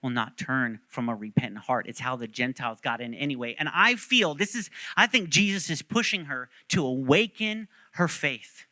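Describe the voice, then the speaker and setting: A man's voice: medium pitch, normal speed, hardly any pauses, sharp tone, no echo. A male pastor preaching a sermon, telling stories animatedly and joking with the congregation.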